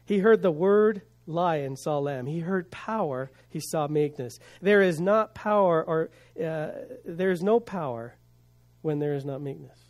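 A male pastor preaching a sermon, building emphasis with rhetorical questions and dropping to quiet asides. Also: fairly high pitch, unhurried.

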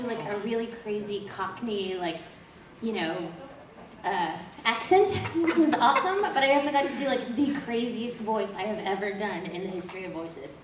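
A woman's voice: on the high side, background noise. A woman voice actress on a convention panel, chatting casually and laughing often. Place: convention hall. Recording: echoey hall, distant mic, crowd.

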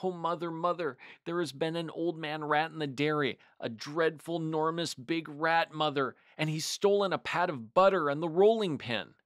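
A man's voice: lowish voice, lively intonation, normal speed, few pauses, fairly bright tone, no room sound, studio quality. A man reading aloud and voicing a frightened little girl kitten with breathless, pleading cries.

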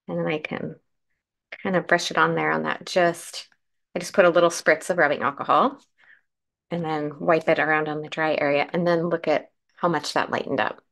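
Female craft host, croaky morning voice, friendly step-by-step live demo. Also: deep voice, flat delivery, normal speed, fairly bright tone. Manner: chatty, explains steps while working, answers comments.

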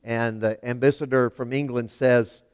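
A man preaching a sermon in a church, emphatic, swinging from loud declarations to hushed lines. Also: medium pitch, steady tone, moderate pace, smooth. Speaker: pastor. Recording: long hall reverb.

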